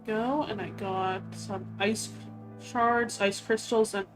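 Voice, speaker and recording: A woman streaming a game, talking quietly to herself with fillers and self-corrections. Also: medium pitch, steady tone, slow. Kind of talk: casual gameplay commentary. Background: faint game music.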